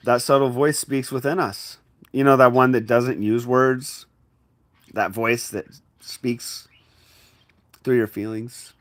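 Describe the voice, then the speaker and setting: A man giving a casual spiritual talk in a reflective, conversational way, addressing the listener directly and sometimes bursting into loud acted-out inner voices. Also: mid-range voice. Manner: acts out inner voices with sudden loud exclamations. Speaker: spiritual teacher.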